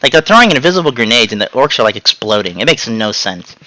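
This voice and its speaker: Speaking fast at a medium pitch, a male podcast host jokes around in casual conversation and acts out stories with sound effects. There's no echo, but the recording is rough.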